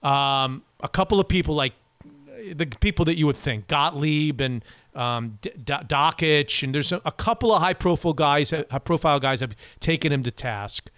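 A man hosting a casual sports talk show, animated, with quick back-and-forth and frequent restarts. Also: fairly high pitch, smooth, dry recording. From Florida. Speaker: sports radio host.

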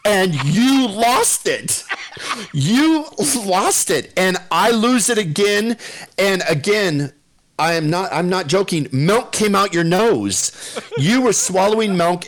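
A man's voice: high voice, animated, a little slow. A middle-aged man telling a story on a radio show, laughing often and acting out the quotes.

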